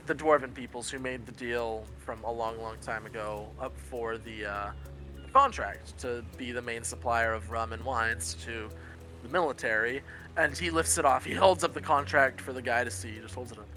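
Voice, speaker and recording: A man's voice: mid-range voice, normal speed, sharp tone, faint music behind. A man narrating as game master of a tabletop game, describing scenes in a rambling, self-correcting way.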